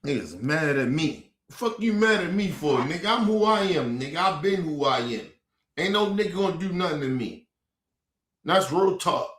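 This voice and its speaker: A man from ranting hard on a livestream, profane and repetitive, bursting into shouts. His voice sits high and swings widely in pitch. The sound carries a roomy echo. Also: lively intonation, moderate pace. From Baltimore. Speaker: streamer. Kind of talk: heated livestream rant.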